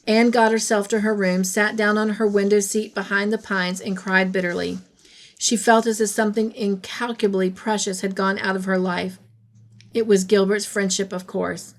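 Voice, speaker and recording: A woman narrating a classic novel aloud in a gentle, measured storytelling voice. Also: mid-range voice, level tone. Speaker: storybook reader.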